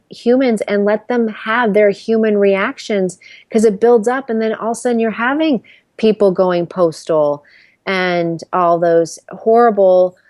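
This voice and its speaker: With a medium-pitched voice and no room sound, a woman in her thirties who works as a career strategist chats as an interview guest. Candid and animated, she spins stories and voices the people she quotes.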